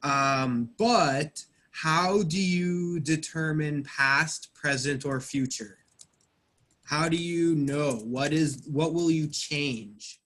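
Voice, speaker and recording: Man, english teacher, slightly high voice, slow and patient, asks the class questions. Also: a bit bright. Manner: patient, explains step by step with questions.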